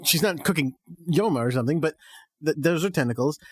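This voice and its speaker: A man's voice: on the high side, animated, fast, slightly rough, no echo, clean studio sound. A man co-hosting a casual fan podcast, laughing often and acting out characters' lines as he talks. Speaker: podcast co-host.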